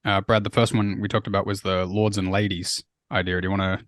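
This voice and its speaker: A man's voice: low voice, flat delivery, fast, fairly bright tone, no echo, studio quality. A man co-hosting a podcast, chatting casually, with lots of "uh" fillers and easy laughter. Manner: laughs easily, asks questions, uses many fillers. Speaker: podcast co-host. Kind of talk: casual chat.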